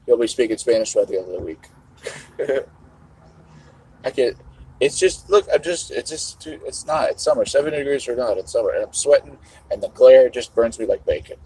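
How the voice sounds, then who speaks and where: A man's voice: mid-range voice, dark tone, breathy edge, no room sound, poor audio. A middle-aged man vlogging in a casual livestream monologue, rambling and musing with a half-joking tone.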